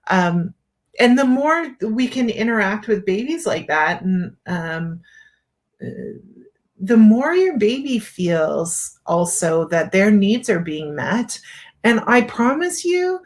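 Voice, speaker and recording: A middle-aged woman hosting a parenting show, giving casual advice in a relaxed, chatty way with many fillers and restarts. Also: mid-range voice.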